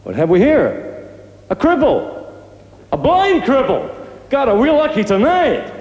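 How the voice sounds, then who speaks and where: A man's voice: very high voice, wildly swooping pitch, a little slow, darkish tone, echoey room, highs cut off, a little hiss or hum, heavily acted. An actor playing a greedy, cruel male TV preacher who mocks his flock in a sketch comedy. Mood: gloating. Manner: scornful, mocking, preaching. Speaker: televangelist.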